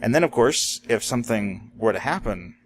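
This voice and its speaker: A man talks straight to camera in a relaxed, reflective monologue, often pausing on small fillers. His pitch sits in an ordinary middle range. A faint hiss runs underneath. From Florida, USA. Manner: plain, reflective, with frequent "you know" and "um". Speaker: vlogger on disaster preparedness. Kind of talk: casual unscripted monologue.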